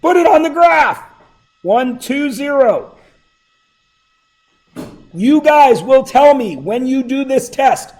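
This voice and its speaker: A man's voice: very high-pitched, sing-song, slow pace, long pauses, darkish tone, low-quality recording. A middle-aged man teaching math to a class, with a sore throat, asking the students question after question. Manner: questioning, prompts students for answers. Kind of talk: classroom lecture.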